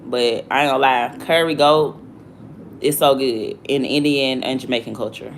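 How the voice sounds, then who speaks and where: A woman with a bass voice and steady tone speaks at normal speed, with a little hiss or hum audible. She hosts a casual livestream chat in a Southern accent from Alabama, USA, being blunt, slangy, and chatty as she rambles across different stories.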